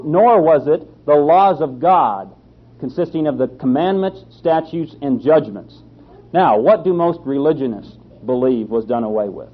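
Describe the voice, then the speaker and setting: A man's voice: fairly high pitch, husky. Emphatic male Bible teacher, lo-fi. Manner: emphatic, repeats key phrases, asks rhetorical questions. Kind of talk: sermon. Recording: slightly dull lo-fi sound.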